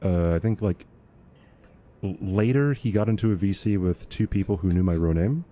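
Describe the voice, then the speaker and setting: A man's voice: low voice, normal speed, warm tone. A young man streaming a game, chatting casually and rambling, repeating words and ending points with "right?". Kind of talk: casual livestream chat while gaming.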